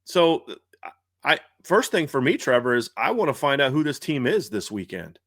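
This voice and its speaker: A man's voice: medium pitch, sing-song, normal speed, a bit bright, no room sound, studio quality. A man co-hosting a sports podcast, talking casually with lots of fillers and restarts. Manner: conversational, many fillers and restarts. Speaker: podcast co-host.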